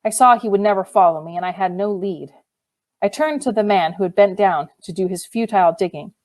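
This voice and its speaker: Woman reading a novel out loud, steady storytelling, first person. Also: medium pitch, a little fast. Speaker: audiobook reader.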